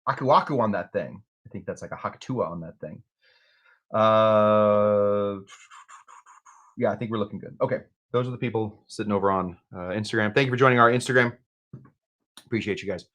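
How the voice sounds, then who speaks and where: A man's voice: on the low side, a little fast, pauses often, fairly bright tone. A man hosting a live cocktail-making stream, talking casually and rambling with lots of fillers and asides. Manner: rambling, chatty, self-deprecating, with many fillers. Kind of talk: casual livestream chat while mixing drinks.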